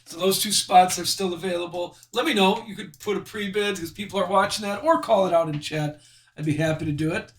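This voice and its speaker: A man's voice: sits high, a little fast. A man hosting a live sports card break, chatty and self-deprecating as he reads out each card he pulls.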